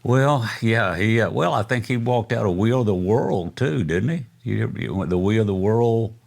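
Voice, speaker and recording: A man's voice: lowish voice, animated, normal speed, vocal fry, darkish tone. An older man, telling rambling, chuckling stories as an interview guest, full of fillers. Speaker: guest musician. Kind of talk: casual storytelling interview.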